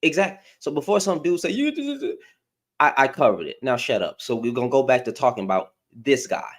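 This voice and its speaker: A woman's voice: extremely low pitch, lively intonation, quick pace. A woman hosting a livestream, giving blunt, heated reaction commentary and often repeating her phrases. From United States. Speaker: livestream host.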